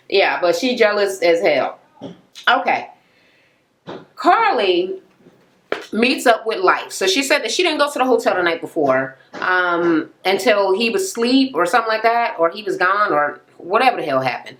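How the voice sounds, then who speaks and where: A young woman recapping a reality TV episode in a casual, profane rant. She acts out the people she quotes with sudden jumps in pitch, uses many fillers and laughs at the scenes. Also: moderate pace, slight background noise. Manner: animated retelling, acting out quoted people with sharp pitch jumps.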